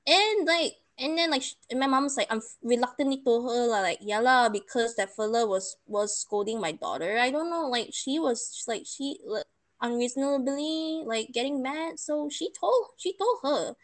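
A woman's voice: high-pitched, animated, normal speed. A young woman, chatting casually and emotionally retelling a bad experience. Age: young adult. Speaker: storyteller. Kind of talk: casual chat.

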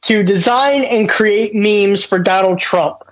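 A man's voice: high-pitched, slow, slight background noise, rough recording. A man co-hosting a casual podcast, reading a news story aloud and breaking into laughter. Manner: laughs through his reading, keeps breaking up. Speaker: podcast co-host.

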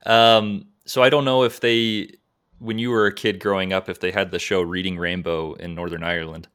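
A man's voice: sits low, flat delivery, moderate pace, a bit bright, clear, resonant tone. A man hosting a podcast interview, friendly and rambling, often trailing off. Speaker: podcast host. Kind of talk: casual interview conversation.

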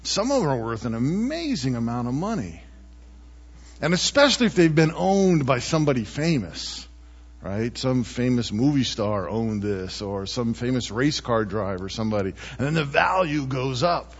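A man preaching a sermon in a relaxed, conversational way, often tossing in rhetorical questions to the congregation. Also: mid-range voice, moderate pace, breathy edge, in a large hall, muffled recording. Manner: chatty, asks rhetorical "right?" often. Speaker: pastor.

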